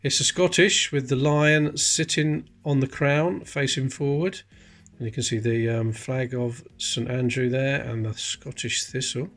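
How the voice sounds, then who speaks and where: A man's voice: mid-range voice, steady tone, unhurried, a bit bright, soft background music. A man hosting a coin collecting channel, chatting casually and explaining details while handling coins. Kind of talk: casual coin-sorting commentary.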